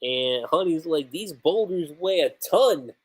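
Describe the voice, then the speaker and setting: A man's voice: a little high, expressive, slow, husky. A man on a livestream, casually recapping and reading out comic panels, rambling with slangy asides. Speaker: livestream manga reviewer.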